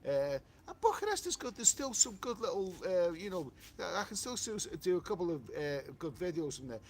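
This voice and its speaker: Reading out viewer comments on his travel livestream, a Liverpudlian man speaks in a high, sing-song voice, a little fast. His delivery rambles, full of restarts and "you know."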